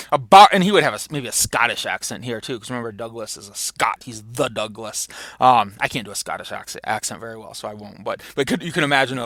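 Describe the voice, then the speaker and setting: A man giving a recorded literature lecture, animated, with many fillers and restarts. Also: lowish voice, no room sound.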